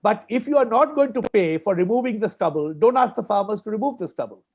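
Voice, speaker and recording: A man's voice: high voice, expressive, fast talker, a little mellow. Emphatic Indian man on a lo-fi call. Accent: Indian English. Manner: emphatic, repeats points for stress. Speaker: farmers' movement spokesperson. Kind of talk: argumentative panel discussion.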